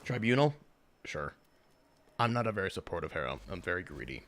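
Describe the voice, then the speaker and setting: A man's voice: low-pitched, very animated, a little fast, fairly bright tone. A young man chatting casually with his stream chat while gaming, rambling, sarcastic and swearing a lot.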